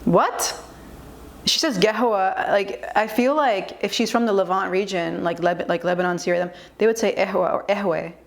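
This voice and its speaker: A woman's voice: medium pitch, normal speed. A young woman, an Arabic linguist, chatting casually and correcting points as she switches between English and Arabic. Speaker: Arabic linguist reacting to a video. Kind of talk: casual reaction commentary.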